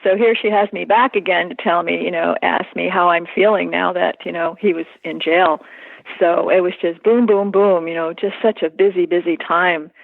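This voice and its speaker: Woman with a gravelly voice on a phone line. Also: fairly low pitch, steady tone, no echo. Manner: halting, many fillers, earnest. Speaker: interview guest. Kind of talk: emotional personal recollection.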